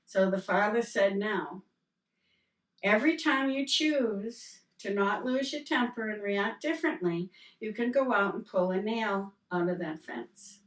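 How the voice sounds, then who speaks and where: A woman preacher speaks slowly and gently, at a middling pitch. She tells parables with little quoted voices and draws a lesson from them. Her voice sounds a little far from the mic, in a roomy space. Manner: slow, gentle storytelling with quoted dialogue. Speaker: reverend. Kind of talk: sermon.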